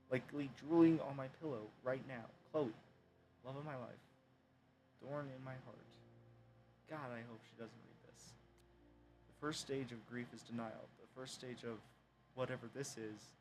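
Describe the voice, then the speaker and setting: Man reading game lines aloud, mellow. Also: mid-range voice, a little hiss or hum, low-quality recording. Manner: reads all game text in his own voice, with bursts of loud exclamation. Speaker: gameplay streamer.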